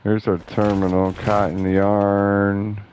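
A man's voice: fairly low pitch, completely flat delivery, slow pace, darkish tone, slight background noise, low-quality recording. A young man casually commenting on his video game play, joking and swearing. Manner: joking, sarcastic, swears often. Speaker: gameplay streamer.

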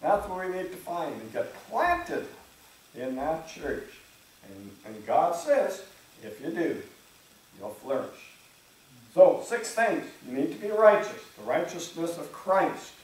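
Male pastor preaching in a church, chatty style, clears his throat a lot, kinda high voice, super echoey room, mic far off. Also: big pitch swings, slow pace, a little mellow. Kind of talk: sermon. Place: church sanctuary.

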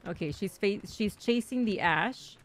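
A young woman streamer giving casual, excitable commentary on her own gameplay, chatty and repeating herself as she talks to her teammates. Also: medium pitch, unhurried, a little hiss or hum. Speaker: gaming streamer.

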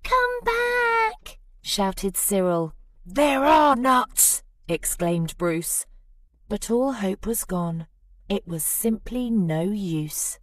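A woman reading a rhyming children's storybook aloud with lively, expressive narration. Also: fairly low pitch, dry recording, clean studio sound. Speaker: storybook reader.

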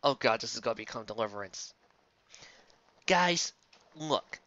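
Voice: medium pitch, expressive, unhurried, sharp tone, dry recording, highs cut off. A fanfiction reader from the Southern United States, reading a story aloud with sarcastic, exasperated asides. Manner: sarcastic, exasperated, jumps between reading and ranting.

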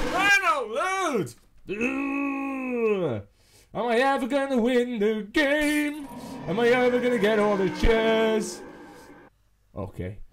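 A man with a high voice narrating his own horror game playthrough. He talks back to the monster and yelps at the scares, with his pitch swinging widely and his pace slow between frights. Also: noisy background. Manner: jumpy, yelping, talks to the monster. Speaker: gamer. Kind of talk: horror game let's play commentary.

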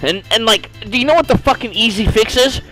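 Male streamer, high voice, bright and tense tone, profane frustrated rant, faint music behind. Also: fairly quick, rough recording. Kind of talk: live gameplay streaming chat.

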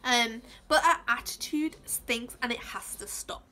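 A woman's voice: a little high, measured pace, bright, forceful tone, slight background noise. A woman vlogging in a casual, heated rant, rambling with lots of swearing and fillers. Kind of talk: casual ranting vlog.

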